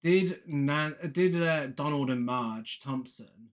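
A man's voice: on the high side, takes it slowly. A man co-hosting a podcast, casually recapping a film with laughs and quoted lines. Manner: laughing, recaps plot with mocking quoted voices. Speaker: podcast co-host. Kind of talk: casual chat.

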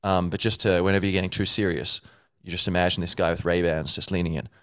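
A man's voice: deep voice, steady tone, quick pace, a bit bright, smooth, no room sound, clean studio sound. A man hosting a podcast, thinking aloud in a rambling, playful way with many fillers. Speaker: podcast host. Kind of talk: casual solo talk.

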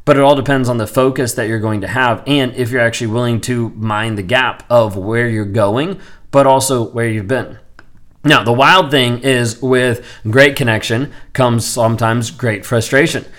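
A man's voice: mid-range voice, steady tone, moderate pace, a bit bright. A man in his thirties talking earnestly in a reflective personal vlog, rambling with frequent fillers. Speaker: vlogger.

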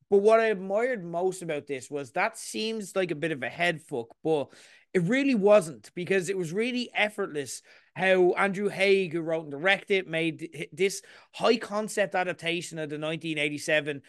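A young man co-hosts a film podcast, giving a detailed and enthusiastic review. His voice is smooth and resonant, a bit higher than most men's. It is recorded dry and close, with no room echo. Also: normal speed, fairly bright tone. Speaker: podcast co-host. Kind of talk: casual film review chat.

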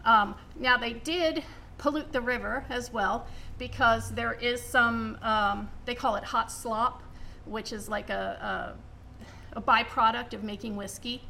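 Researcher, woman, gravelly and bright, informative and steady. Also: on the high side, measured pace, a little hiss or hum. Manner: steady, informative, many fillers. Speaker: local history researcher. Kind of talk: explaining local history.

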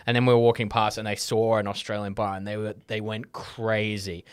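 A man who grew up in Europe, telling a story in casual chat, quoting his friends in high excited voices and saying "like" often. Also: brisk, clean tone.

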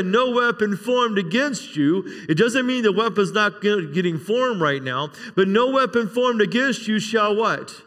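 A man's voice: sits high, a bit bright. A man preaching a sermon as a pastor, talking conversationally and drawing amens from the congregation. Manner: conversational preaching with frequent call-and-response amens. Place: church sanctuary. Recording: long reverb of a church hall.

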